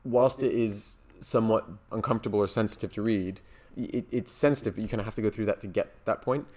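A man's voice: on the low side, fast, darkish tone. A man co-hosting a casual podcast discussion, thinking aloud with many hedges and fillers. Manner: thoughtful, hedging, frequent "like" and "um". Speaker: podcast co-host.

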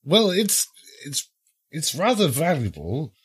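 A man's voice: fairly high pitch, huge pitch swings, slow, slightly rough, no room sound. A man playing a tabletop role-playing game, speaking in character with a fussy, hesitant delivery. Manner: hesitant, with fussy stammering restarts. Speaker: tabletop player.

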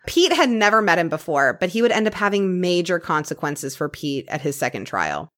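A woman co-hosting a true crime podcast, telling the case in a lively, storytelling way and reading details aloud. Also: fairly low pitch, fairly quick. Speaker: podcast co-host.

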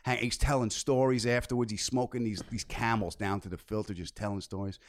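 A man as a podcast guest, telling stories in casual chat with loud excited bursts. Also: lowish voice, fairly quick.

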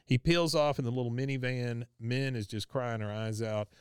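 A man's voice: medium pitch, steady tone, normal speed, clear, resonant tone, dry recording, studio quality. A man hosting a podcast, chatting casually as he recaps a cartoon episode and laughing as he goes. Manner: chatty, laughs often, many fillers. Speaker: podcast host.

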